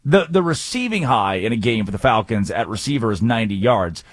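Husky sports radio host. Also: male voice, lowish voice, a little fast, dry recording. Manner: energetic, rattles off stats.

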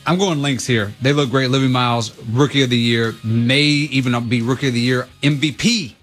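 A man's voice: medium pitch, steady tone, moderate pace, fairly bright tone, faint music behind. A man guesting on a sports radio show, giving his picks in an easygoing way. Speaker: guest analyst. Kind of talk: casual sports betting chat.

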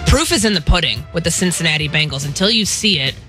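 Bright-toned blunt male co-host. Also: on the high side, expressive, quick pace, soft background music. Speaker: sports radio co-host. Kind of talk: sports radio talk.

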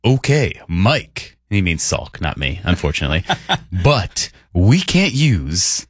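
A man's voice: low-pitched, big pitch swings, takes it slowly, breathy edge, no echo. A man co-hosting a morning sports radio show from a studio, joking and reading listener texts aloud in an upbeat way. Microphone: studio microphone.

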